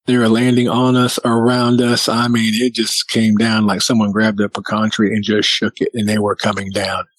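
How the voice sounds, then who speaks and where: A man telling a personal story as a guest, lively and acting out what people said. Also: on the low side, normal speed, hardly any pauses, dry recording, low-quality recording. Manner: animated storyteller who acts out quotes. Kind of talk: casual storytelling.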